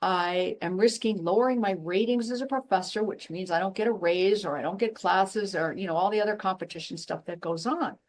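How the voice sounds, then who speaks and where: A woman guest, once a professor, speaking in a blunt, emphatic and animated way in a passionate interview conversation. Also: medium pitch, a little fast, hardly any pauses. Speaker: guest, former professor and intuitive.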